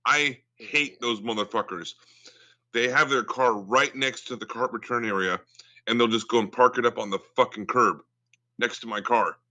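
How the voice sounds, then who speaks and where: A man with a mid-range voice rants irritably in casual conversation, cursing freely. His tone is bright and tense. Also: mid-range voice, normal speed. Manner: irritated ranting, swearing. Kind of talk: casual chat.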